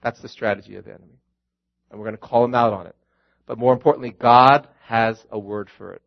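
A man's voice: medium pitch, steady tone, fast, creaky, lo-fi sound. A man preaching a sermon as a pastor, earnest, calling his listeners friends and repeating key lines.

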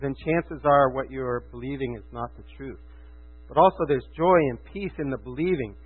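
A man preaching a sermon with passion, moving from hushed, quiet lines to loud, emphatic ones. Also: mid-range voice, normal speed, slightly rough. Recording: tinny phone-like sound with mains hum.

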